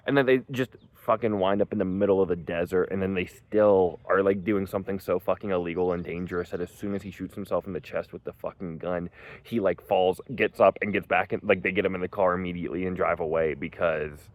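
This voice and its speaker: A man's voice: low voice, steady tone, a little fast, no echo. A young man reviewing a movie in casual, rambling chat, full of "like" and "um" and swearing freely. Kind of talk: casual spoken film review.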